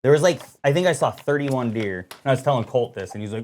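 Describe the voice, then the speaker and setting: Animated man telling a hunting story. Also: mid-range voice, quick pace. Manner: animated storyteller, lots of "like" and quoted dialogue. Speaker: podcast co-host. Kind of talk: casual hunting story chat.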